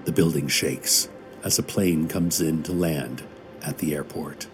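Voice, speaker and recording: A man narrating a scripted story in a slow, measured storytelling manner. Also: very deep voice, music in the background. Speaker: narrator and radio host.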